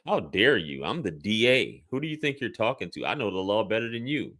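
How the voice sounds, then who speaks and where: A man's voice: lowish voice, sing-song, brisk, a bit bright, full character voice. A man mimicking a haughty, arrogant woman prosecutor in a scornful, imperious way.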